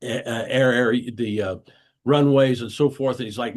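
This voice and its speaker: A man's voice: mid-range voice, normal speed. A man hosting a weekly video call, giving an earnest motivational talk and repeating his key phrases for emphasis.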